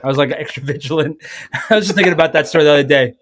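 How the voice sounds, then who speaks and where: A man chatting as a guest on a podcast, spinning a lively personal anecdote. He talks casually, piles up fillers and restarts, and slips into other people's voices as he goes. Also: fairly high pitch, very fast. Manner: animated, acts out quoted voices; frequent fillers and self-corrections. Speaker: guest musician. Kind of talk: casual storytelling.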